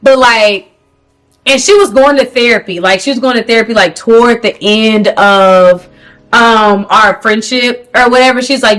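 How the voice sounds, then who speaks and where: A young woman vlogging a storytime to camera in an animated, slangy manner, talking to viewers as "girl". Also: a little high, normal speed. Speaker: beauty vlogger. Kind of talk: storytime vlog.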